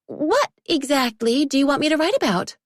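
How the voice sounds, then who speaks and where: A woman's voice: high voice, big pitch swings, normal speed, no room sound, studio quality, pitched above the performer's own voice. A woman voicing an anxious young female personal assistant who speaks in a nervous, flustered way.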